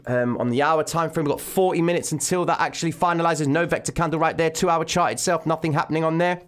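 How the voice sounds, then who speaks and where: A man hosting a live trading stream from home, commenting excitedly on the market and calling his viewers ladies and gentlemen. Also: fairly high pitch, fast talker. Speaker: trading livestream host. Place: home room, daughter present. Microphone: desk microphone.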